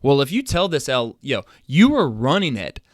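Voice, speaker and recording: A man coaching football, explaining plays in an energetic, emphatic chalk-talk that builds toward near-yelling while he sits at a webcam. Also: medium pitch, normal speed, dry recording, studio quality. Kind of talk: chalk-talk lesson on a live stream. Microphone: seated at a webcam.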